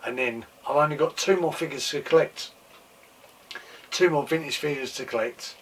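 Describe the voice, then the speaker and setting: A man hosting his own toy collecting show, chatting casually and excitedly, repeating exclamations, swearing freely and losing his voice a bit. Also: on the high side, normal speed, slightly rough, recorded from a distance. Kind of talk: casual show-and-tell chat. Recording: mic set back from speaker, faint room noise.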